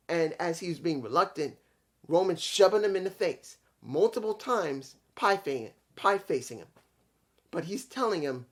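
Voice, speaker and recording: A man reviewing a wrestling event in casual talk, animated and retelling scenes with his own restarts. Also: a little high, a little slow. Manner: animated, acts out quotes, restarts. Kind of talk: casual recap and opinion talk.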